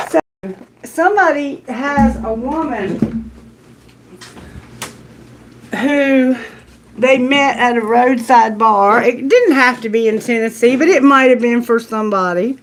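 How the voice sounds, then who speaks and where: Woman, middle-aged, tarot reader, slow talker, chatty, laughs a lot. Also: fairly high pitch. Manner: chatty, laughing, talks to spirit and candle. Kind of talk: live tarot reading.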